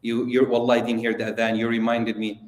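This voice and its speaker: A gruff, hot-tempered working man speaks bluntly in a low voice, as a preacher puts him on. There is roomy echo behind him. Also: monotone, fast, natural voice. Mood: grateful. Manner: blunt, threatening.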